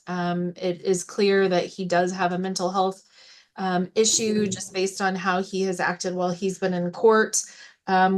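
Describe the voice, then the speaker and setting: Flat-toned woman prosecuting in court. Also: medium pitch. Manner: even, measured, with fillers. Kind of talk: courtroom argument.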